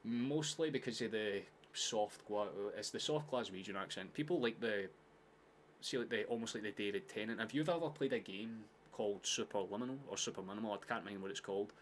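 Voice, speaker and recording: A Scottish man from near Glasgow streaming a football watchalong, chatting casually, swearing freely and shouting out at chances. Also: lowish voice, fairly quick, slight background noise. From Scotland, near Glasgow. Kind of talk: casual live-stream chat and match commentary.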